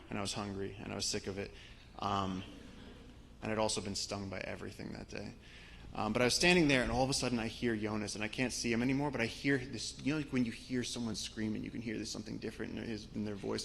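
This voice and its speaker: Gravelly-voiced man telling a story. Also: fairly low pitch, quick pace, slight background noise. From Brooklyn, New York. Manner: animated storyteller, voice rising as the story builds. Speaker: expedition guide giving a talk. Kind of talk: live storytelling talk with slides.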